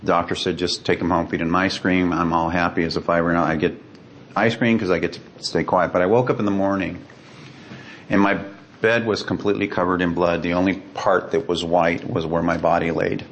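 A man's voice: low voice, steady tone, fairly quick, slight background noise. A man from the United States, a guest earnestly and dramatically retelling a personal story, acting out the voices of the people in it.

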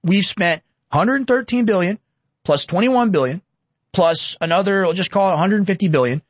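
A man in his twenties rants through heated, sarcastic political commentary. His voice sits high for a man, and it is recorded close and dry with no room sound. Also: animated, moderate pace, no room sound. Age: 20s.

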